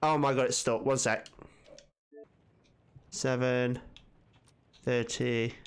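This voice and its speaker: A man with commenting on a video game he is playing, excitable, jumpy and swearing often. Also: mid-range voice, slow, smooth. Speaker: gaming channel host. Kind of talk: let's-play commentary.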